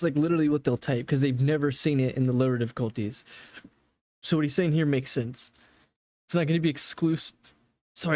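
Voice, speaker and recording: A man's voice: medium pitch, warm tone, no echo. A man casually reacting to a game developer video, rambling and swearing now and then as he explains game mechanics. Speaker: gaming reaction host.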